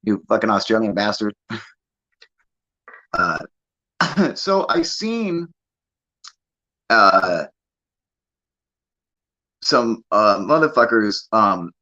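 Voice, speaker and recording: Male streamer host, low husky voice, foul-mouthed rambling chat, dry dull lo-fi audio. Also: pushed and bright. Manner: profane, rambling, laughing. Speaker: livestream host. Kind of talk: casual livestream chat.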